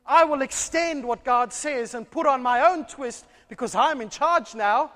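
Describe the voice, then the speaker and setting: A man's voice: extremely high pitch, a little slow, sharp tone, pitched above the performer's own voice, heavily acted. A man preacher voicing Eve as a self-assured woman who claims to be in charge. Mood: defiant. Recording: long church reverb.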